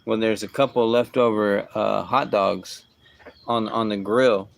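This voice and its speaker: A man's voice: steady tone, unhurried, creaky. A man telling a casual story, rambling along with asides and restarts. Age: adult with a young son. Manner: rambling, full of asides like "whatever" and "boom".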